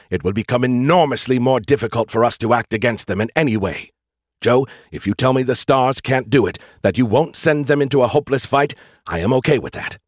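A man's voice: medium pitch, no echo, studio quality, pitched above the performer's own voice, lightly acted. A man voicing an arrogant, snarky male AI hologram in an audiobook, talking in urgent, clipped, formal sentences.

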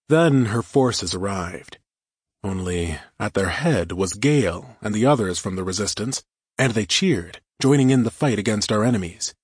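Husky low-voiced male audiobook narrator. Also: no echo, clean studio sound. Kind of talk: first-person action fiction narration.

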